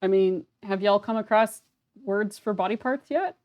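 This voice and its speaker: A woman's voice: mid-range voice, moderate pace, lo-fi sound. A young woman chatting casually while playing a game on stream, self-deprecating and full of fillers. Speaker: let's play streamer. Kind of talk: casual gameplay commentary.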